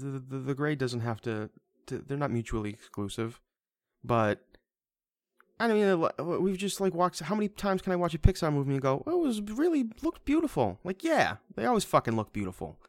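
A man's voice: medium pitch, big pitch swings, a little fast, no echo. Stammering, cursing man reviewing a movie. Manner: rambling, stammering, profane. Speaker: podcast co-host. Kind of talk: casual movie review chat.

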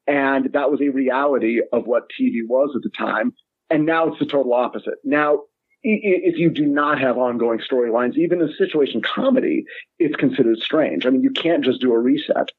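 A man's voice: mid-range voice, a little fast, slightly rough, dry recording. A screenwriter guest on a podcast, a man talking animatedly, with frequent restarts. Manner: animated, restarts often and acts out quoted lines. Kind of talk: casual podcast discussion. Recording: tinny phone-like remote line.

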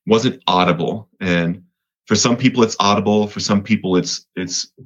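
Man from Colorado, earnest testimony, low husky voice, lo-fi sound. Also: normal speed. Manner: earnest, repeats words, voice rises when reliving moments. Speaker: guest telling his recovery story. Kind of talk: personal testimony in an interview.

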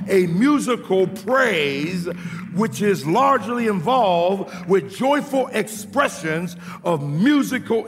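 A man preaching a sermon in a church, often shouting and building rhythmic repeated lines, with a gravelly voice. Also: high-pitched. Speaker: pastor. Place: church sanctuary. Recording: long reverb of a large hall.

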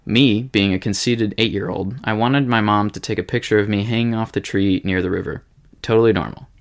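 A Midwestern American man with a low, gravelly voice co-hosts a casual podcast. He reads a listener's story aloud and keeps breaking off to joke around and swear. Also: fairly even intonation, brisk. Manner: joking, swears freely.

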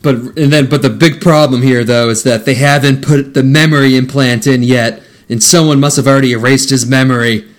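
A man's voice: mid-range voice, fairly even intonation, brisk, few pauses. A man casually recapping a film's plot for friends, joking and laughing mid-sentence. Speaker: podcast co-host recapping a film.

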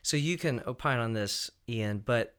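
A man's voice: mid-range voice, unhurried, a bit bright, clean tone. A man with a Southern US accent, a guest on a panel discussion, reflective, searching for words and laughing easily.

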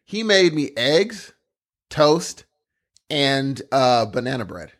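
A man co-hosting a casual chat, chatty and excitable, telling stories. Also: mid-range voice, slow pace.

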